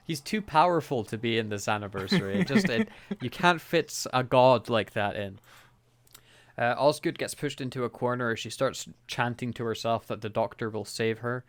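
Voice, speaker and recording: A man's voice: medium pitch, expressive, normal speed, pauses often, dry recording. Chatty man recapping, dry sound. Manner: laughs often, quotes characters in put-on voices. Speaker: podcast co-host. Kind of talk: casual chat recapping an episode.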